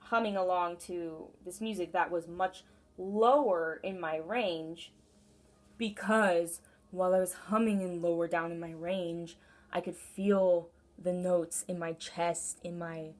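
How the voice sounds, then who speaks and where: A woman's voice: lowish voice, fairly even intonation, takes it slowly, a little mellow. A young woman talks through a tarot reading in a casual, earnest way, wandering into asides as she goes. Her voice sits forward and a little pinched, with a brassy edge. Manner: earnest, encouraging, rambling with many asides. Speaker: tarot reader.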